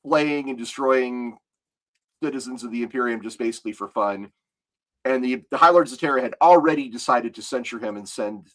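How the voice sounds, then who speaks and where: A man's voice: medium pitch, fairly bright tone. A man co-hosting a podcast, explaining lore at length and thinking aloud in casual talk. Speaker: podcast co-host.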